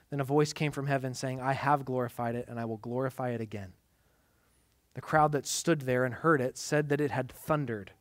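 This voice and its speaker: A man preaching a sermon, swinging from loud, emphatic lines to hushed, quiet passages. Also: medium pitch, a little fast, no echo, studio quality. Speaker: pastor.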